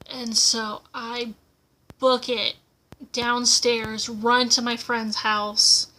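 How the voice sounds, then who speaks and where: Bright-voiced young woman telling her story. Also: fairly high pitch, flat delivery, very slow, a little hiss or hum. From United States. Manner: casual, with frequent filler words and acted-out quotes. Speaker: vlogger. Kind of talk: personal storytelling to camera.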